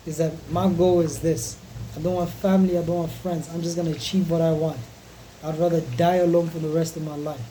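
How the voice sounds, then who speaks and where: A man's voice: fairly high pitch, level tone, brisk, dark tone, a little hiss or hum. A man in his twenties speaking in a frank, raw, profane confessional vlog monologue. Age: 20s.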